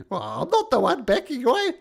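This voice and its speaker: A man voicing a tiny mischievous fey creature hiding in a tree, shrill and sing-song, goading and mocking the party. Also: huge pitch swings, moderate pace, vocal fry, exaggerated voice. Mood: taunting.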